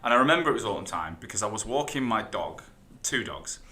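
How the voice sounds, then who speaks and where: A man's voice: fairly low pitch, lively intonation, fast talker, sharp tone. A man hosting a podcast, chatting in a friendly, enthusiastic way with his guest. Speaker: podcast host. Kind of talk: casual interview chat.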